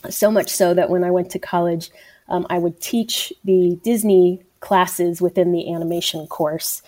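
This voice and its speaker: A woman's voice: on the low side, steady tone, a little slow, mellow. A woman from Indiana, a guest on a podcast, telling her story with enthusiasm. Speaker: studio communications executive, guest. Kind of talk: casual interview.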